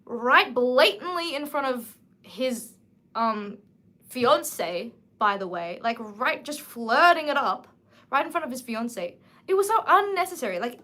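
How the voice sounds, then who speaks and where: A woman in her twenties hosting a casual livestream book chat, animated and emphatic. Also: high voice, unhurried. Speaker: livestream host.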